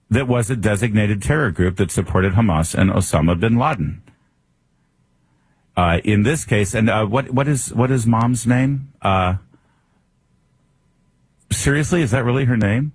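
A male talk radio host with a low, husky voice and a sarcastic, combative manner. He delivers a political monologue in a dry, close-miked sound. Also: dry recording.

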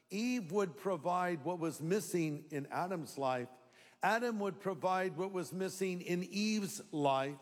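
A man preaching a live sermon in a conversational, humorous way. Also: high-pitched. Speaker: pastor. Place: large church hall. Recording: long reverb of a large hall.

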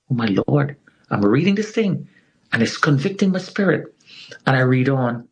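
A man's voice: medium pitch, sing-song, normal speed, slightly rough, rough recording. A middle-aged man telling his survival story with earnest feeling, acting out the people he quotes. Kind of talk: emotional personal testimony.

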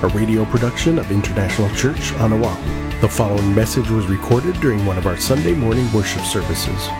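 A man reading a scripted radio program introduction in a smooth, brisk announcing manner. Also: on the low side. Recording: loud guitar music behind.

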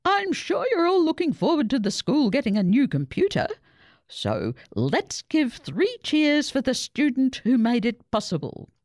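A woman voicing a cheery male headmaster booming an announcement to the school in a story. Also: sing-song, a little slow, darkish tone, dry recording, clean studio sound.

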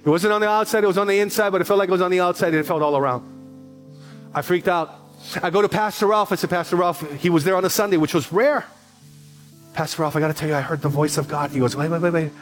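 A middle-aged man preaching as a pastor, telling stories in an animated way and repeating lines for emphasis. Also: sits high, fast, soft background music. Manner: animated, repetitive storytelling with rising emphasis. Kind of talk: sermon.

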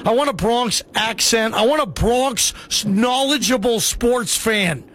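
A man's voice: very high-pitched, measured pace, fairly bright tone, slight background noise. A man hosting a sports talk radio show, loose and joking as he takes callers. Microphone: studio microphone.

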